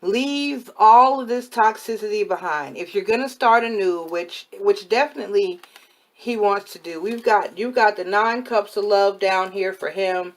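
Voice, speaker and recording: A woman acting as a spiritual advisor gives a casual tarot reading to camera, frank and chatty, offering blunt, motherly advice. Her medium-pitched voice is unhurried and sounds a little worn from overuse.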